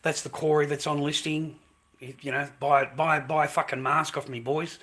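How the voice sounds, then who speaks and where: A man's voice: a little high, flat delivery, normal speed, fairly bright tone. An older Australian man vlogging, rambling in a profane, ranting way and calling the viewer mate. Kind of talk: rambling casual monologue to camera.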